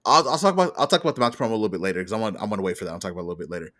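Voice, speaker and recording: Bright-voiced man recapping wrestling casually. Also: fairly low pitch, animated, very fast. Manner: rambling storyteller, acts out quotes from the show. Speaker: podcast co-host.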